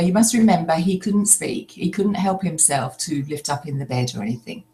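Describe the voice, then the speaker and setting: An older woman telling a personal story in a slow, reflective way, pausing often as she speaks. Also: lowish voice, darkish tone. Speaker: spiritual speaker.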